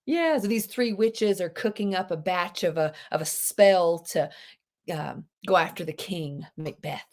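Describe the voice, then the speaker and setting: A woman's voice: fairly low pitch, moderate pace. Chatty woman teaching an online class. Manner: chatty, expressive, reads lines aloud dramatically. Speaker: homeschool English teacher. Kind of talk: live online class lecture. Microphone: video call.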